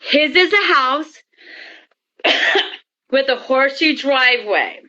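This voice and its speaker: A woman interview guest telling her story in a lively way and acting out the dialogue. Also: high-pitched, slow pace, lo-fi sound. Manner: lively, acts out quoted dialogue. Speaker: interview guest, paranormal experiencer. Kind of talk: animated storytelling.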